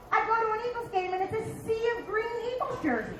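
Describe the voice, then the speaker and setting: A woman's voice: extremely high pitch, sing-song, fast talker, a bit bright, a little hiss or hum. A woman in her fifties from Philadelphia doing a stand-up comedy set on a bar stage, brash and profane with acted-out asides. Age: 50s. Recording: echoey bar room.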